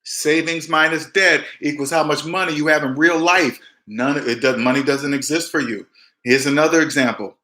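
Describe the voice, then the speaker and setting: A man giving emphatic personal finance advice straight to camera, mimicking people with big jumps in pitch. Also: moderate pace, pushed and bright, echoey room. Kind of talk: direct-to-camera advice talk.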